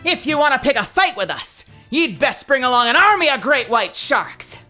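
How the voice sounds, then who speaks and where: A woman's voice: high-pitched, sing-song, moderate pace, sharp tone, faint music behind, full character voice. A woman voicing a young female aquarium trainer who talks in hammy pirate speech with a put-on Scottish accent.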